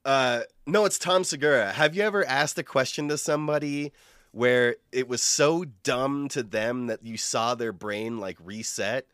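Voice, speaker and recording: A man's voice: medium pitch, moderate pace, a bit bright, clean tone, no room sound, clean studio sound. A man co-hosting a casual podcast chat, a bit nasal from allergies, rambling and laughing as he talks. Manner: rambling, laughs often, self-interrupting. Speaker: podcast co-host.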